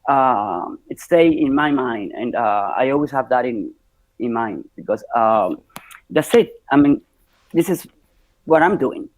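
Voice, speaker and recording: A man, a drag performer, chatting in an interview in a halting, soft-spoken way. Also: medium pitch, expressive, low-quality recording. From Cuba. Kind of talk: casual interview chat.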